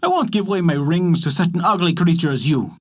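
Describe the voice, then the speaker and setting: A man's voice: on the high side, lively intonation, fast. A man voicing a haughty, scornful young peasant woman in a folk tale, speaking with disdain.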